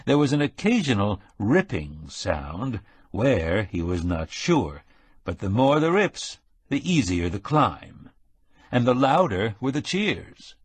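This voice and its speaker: A man narrating a mystery audiobook in a measured, steady storytelling manner. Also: lowish voice, breathy edge, no echo. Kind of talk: scripted narration.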